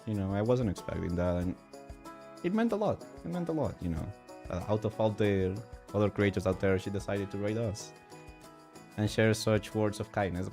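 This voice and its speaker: A male streamer chatting emotionally and excitably while gaming, with sudden high outbursts. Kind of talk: casual live-stream chat while gaming.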